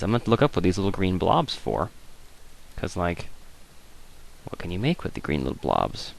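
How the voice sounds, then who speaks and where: A man's voice: deep voice, gravelly, fairly bright tone. A man hosting a casual let's-play, rambling and thinking aloud with wry asides as he plays. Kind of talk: casual gameplay commentary.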